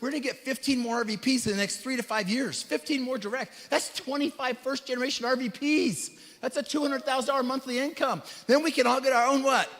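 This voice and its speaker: Middle-aged male convention speaker, very high voice, punchy rally style that drops to hushed urgency, long hall reverb. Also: steady tone, fast. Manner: punchy, repeats "right?" and "you guys", swings from loud to hushed. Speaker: company leader speaking at a convention. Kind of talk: motivational stage speech. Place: large event hall.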